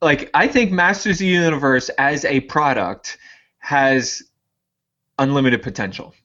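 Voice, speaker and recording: A man co-hosting a podcast, chatting casually and telling jokey, animated stories. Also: mid-range voice, measured pace, dull audio. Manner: joking, animated storyteller. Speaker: podcast co-host. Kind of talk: casual chat.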